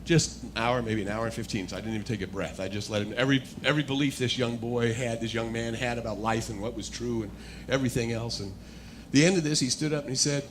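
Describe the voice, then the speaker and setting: A man speaking as a guest speaker, telling a personal testimony in a storytelling manner that builds to animated excitement. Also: medium pitch, fast talker, a little hiss or hum.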